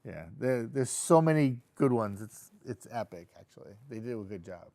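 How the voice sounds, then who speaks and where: Man, middle-aged, mid-pitched, easygoing weather host doing live chat with viewers, loose and jokey, lots of restarts. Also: lively intonation, moderate pace, a little mellow. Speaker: TV meteorologist hosting a live stream. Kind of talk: casual live-stream chat reading viewer comments.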